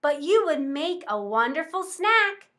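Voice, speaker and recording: A stern, scolding policeman, voiced by a woman reading a storybook. His voice stays bright and fairly high. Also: big pitch swings, a little slow, full character voice. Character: gruff indignant male policeman.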